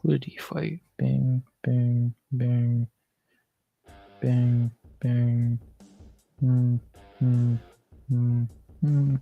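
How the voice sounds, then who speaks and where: A man's voice: medium pitch, little pitch movement, extremely slow, gravelly, pauses often, phone-quality sound, faint music behind. A man streaming live, muttering and swearing casually as he plays through quizzes, saying he's losing his voice. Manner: mutters and swears at quiz questions.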